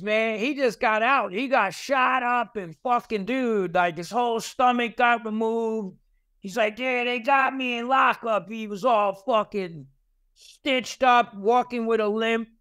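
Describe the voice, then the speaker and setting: A man tells street stories, swearing freely and acting out the fights. His voice sits high for a man and sounds smooth and clear. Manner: profane, animated street storyteller. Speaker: podcast guest. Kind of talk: casual storytelling.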